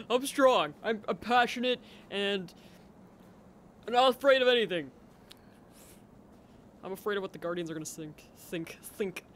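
A man commentating a horror game as he plays, talking to himself, jumpy and quick to exclaim and laugh. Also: sits high, a bit bright. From United States. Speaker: gameplay commentator. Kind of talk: let's play commentary.

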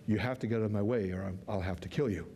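A man's voice: on the low side, very fast, dark tone, slight background noise, pitched below the performer's own voice, natural voice. A man voicing a regal male king who speaks in a formal, commanding way.

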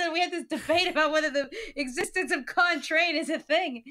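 American woman, high bright voice, rambling podcast chat with lots of likes. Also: fast. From United States. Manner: chatty, animated, lots of "like" and laughs. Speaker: guest.

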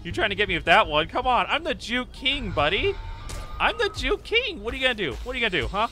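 A man narrates his own gameplay in an excitable rush, yelping and taunting as he goes. His voice sits high and swings widely in pitch. Game music plays clearly underneath. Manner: excitable, yelping and taunting, rapid repeated phrases. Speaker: gaming YouTuber.

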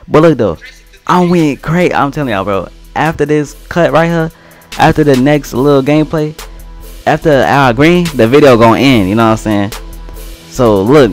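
A young man giving casual, slangy gameplay commentary, trash-talking and swinging from mumbles to yells. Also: mid-range voice. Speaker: gaming streamer.

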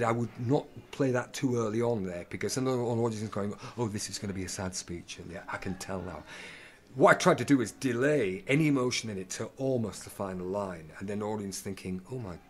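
A middle-aged man chats as a podcast guest. He tells stories with plenty of laughter and acts out the people he quotes. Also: mid-range voice. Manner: animated storyteller, acts out quoted voices, laughs often. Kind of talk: casual anecdotal chat.

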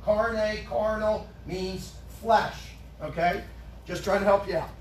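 High-voiced preacher in an echoey church. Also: male voice, fairly even intonation, slow pace, slight background noise. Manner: emphatic, calls out questions to the congregation; rises to shouting at times. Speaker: pastor. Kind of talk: sermon. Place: church sanctuary. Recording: echoey room, far from the mic.

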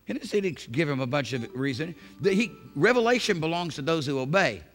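A male pastor preaching a sermon in church, swinging from hushed, intimate phrases to shouted emphasis. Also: on the high side, animated, brisk, soft background music. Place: church sanctuary.

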